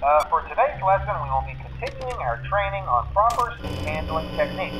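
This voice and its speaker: A recorded training-tape instructor. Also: male voice, high-pitched, very animated, fairly quick, fairly bright tone, slight background noise, poor audio.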